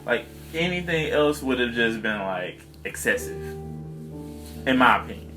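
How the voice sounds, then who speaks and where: A man's voice: medium pitch, expressive, moderate pace, music in the background. A man from the American South co-hosting a podcast, talking in a loose, rambling way with slang and frequent laughter. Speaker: podcast co-host. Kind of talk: casual chat.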